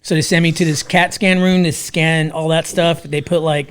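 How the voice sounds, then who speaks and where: A man in his thirties, a podcast guest telling a story casually, profane and animated. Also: on the high side, normal speed, clear, resonant tone.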